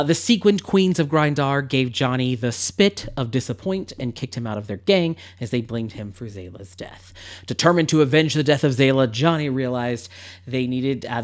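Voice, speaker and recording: A man's voice: medium pitch, moderate pace. A man hosting a podcast, chatting casually and reading a story aloud with playful asides and frequent laughs. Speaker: podcast host.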